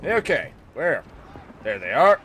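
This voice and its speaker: An American man giving casual joking commentary over a war strategy game, talking to his soldiers and sometimes yelling at them. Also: on the high side, very animated, slow pace, slight background noise. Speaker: gameplay commentator. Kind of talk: casual let's-play commentary.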